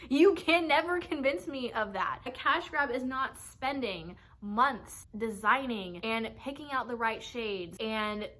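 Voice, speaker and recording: A woman's voice: sits high, a bit bright. A young woman giving a heartfelt, emotional tribute to camera, swearing casually as she gushes. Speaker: fan sending a tribute message.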